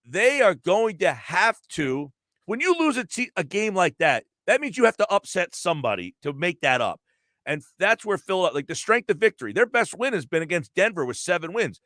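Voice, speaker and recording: A male sports radio host talking through the standings out loud in an animated way. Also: sits high, moderate pace, dry recording, studio quality. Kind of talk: live sports talk radio.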